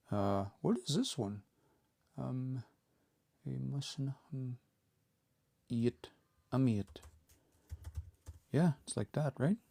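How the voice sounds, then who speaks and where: A man giving a casual live-streamed language lesson, explaining step by step and repeating words slowly, with relaxed, informal phrasing. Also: fairly low pitch, creaky, no room sound. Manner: relaxed, informal, says y'all and eh. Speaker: language teacher.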